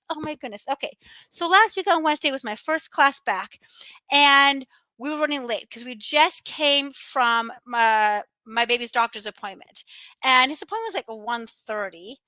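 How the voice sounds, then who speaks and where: A woman in her thirties, an online teacher chatting casually to viewers from her home office over a webcam, animated and quick to laugh. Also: high-pitched, no room sound.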